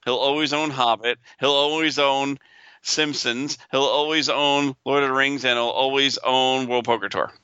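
A man co-hosting a casual podcast, his voice sharp and very bright. The recording is dry and somewhat dull, with little room sound. He talks easily and keeps chiming in with quick agreement. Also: mid-range voice, steady tone, smooth, dry recording. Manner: agreeable, chimes in with short replies. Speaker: podcast co-host. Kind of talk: casual chat.

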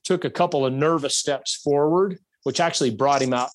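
A man telling a hunting story in a casual, animated way, acting out shots and bits of dialogue. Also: a little high, fairly quick, no room sound.

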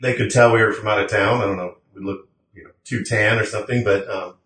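A man's voice: lowish voice, fairly even intonation, fast talker, a bit bright, distant mic. A Midwestern American man co-hosting a podcast in casual chat, laid-back and trailing off with fillers. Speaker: podcast co-host. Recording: roomy sound from off-mic.

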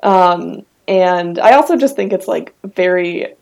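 A woman's voice: lowish voice, unhurried, gravelly, a little mellow. A young woman talking on a casual podcast. She rambles and hesitates, with plenty of ums and likes as she gathers her thoughts. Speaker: podcast co-host. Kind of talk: casual group chat.

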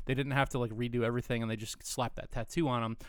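A man's voice: mid-range voice, little pitch movement, fast, smooth, dry recording, studio quality. A man co-hosting a casual chat, talking enthusiastically with lots of fillers. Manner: enthusiastic, rambling with many fillers. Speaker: podcast co-host.

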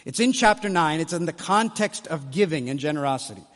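A man's voice: on the high side, animated, brisk, a bit bright. A man preaching a sermon at a conference, emphatic and repeating his key phrases for weight. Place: large conference hall. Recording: reverberant hall.

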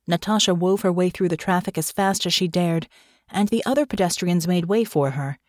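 Low-voiced woman narrating a story. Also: a little mellow, dry recording, studio quality. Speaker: audiobook narrator. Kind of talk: scripted fantasy narration.

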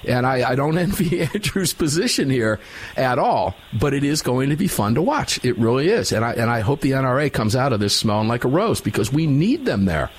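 Husky-voiced male radio host. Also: mid-range voice, sing-song, brisk. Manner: chatty, rambling, agreeable. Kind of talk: talk radio conversation.

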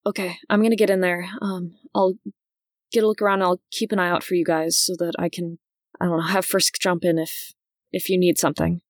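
A woman's voice: lowish voice, flat delivery, fairly quick, no room sound, clean studio sound, natural voice. A woman voicing a nervous but kind young woman in a tabletop game, stammering and hesitant.

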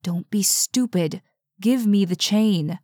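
A woman reading aloud, voicing an impatient, gruff man who speaks in a curt, scornful, demanding way. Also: medium pitch, takes it slowly, a little mellow, no room sound, studio quality.

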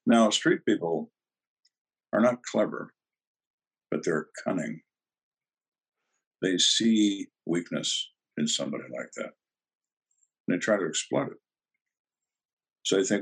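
A gravelly-toned older man with a deep, husky voice tells cop stories in an interview. His delivery is dry and deadpan, and he acts out both sides of the conversations. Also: a little slow, long pauses. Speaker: retired detective guest. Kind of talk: storytelling interview answers.

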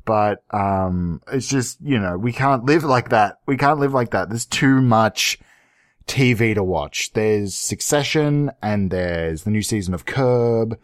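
A man hosting a podcast, ranting sarcastically in a profane, rambling comedic monologue, jumping into high mock-outraged bursts. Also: animated, slow, no echo, studio quality. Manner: sarcastic, profane, tangent-prone. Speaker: podcast host.

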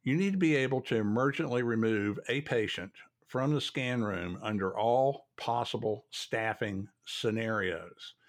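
A man's voice: lowish voice, measured pace, hardly any pauses. A man, a podcast host telling folksy stories from his work in radiology. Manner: folksy, storytelling, chatty. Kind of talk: casual chat.

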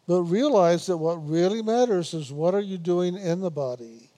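A man giving a spiritual meditation talk, unhurried and repetitive, gently teasing his listeners and laughing now and then. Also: high-pitched. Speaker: spiritual teacher.

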